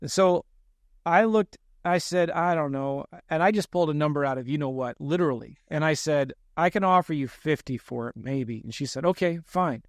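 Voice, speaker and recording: A man with a fairly high voice tells a story on a podcast, mocking his younger self and acting out the other people's lines. The sound is dry and close, with no room echo. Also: moderate pace. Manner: animated, self-deprecating storyteller who acts out quoted lines. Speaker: real estate investor guest.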